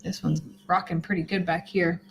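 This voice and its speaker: A woman's voice: lowish voice, little pitch movement, moderate pace, creaky, a little hiss or hum. A woman chatting casually on a live stream, sleepy and rambling as she thanks viewers. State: sleepy, yawning. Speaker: homesteading livestreamer.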